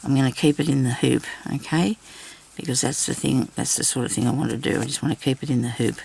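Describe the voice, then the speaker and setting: A woman's voice: a bass voice, steady tone, quick pace, creaky, warm tone, breathy edge. A woman vlogging a crafting demonstration, rambling and chatty as she talks straight to her viewers.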